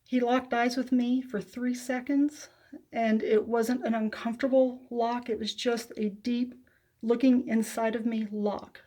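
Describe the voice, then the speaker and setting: Soft-spoken woman sharing a heartfelt testimony. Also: fairly high pitch, little pitch movement, measured pace. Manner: emotional, close to tears. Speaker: faith vlogger. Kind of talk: personal testimony to viewers.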